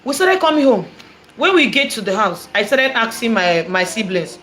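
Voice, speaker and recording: A woman with a Nigerian accent, a prophetess telling a personal testimony in an animated, repetitive way, dropping in Igbo phrases. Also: a little high, normal speed, a little hiss or hum. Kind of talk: testimony storytelling.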